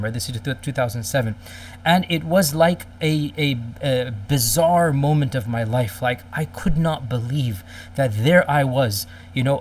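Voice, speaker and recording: A man's voice: on the high side, far from the mic, a little hiss or hum. A middle-aged man telling a personal story in a casual, rambling way, with many fillers and Arabic religious phrases. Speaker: speaker recounting a personal story.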